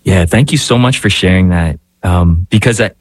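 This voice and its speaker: A man's voice: low-pitched, normal speed, no room sound. A man, a priest and spiritual director, speaking thoughtfully on a radio talk show and often searching for words. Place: radio studio.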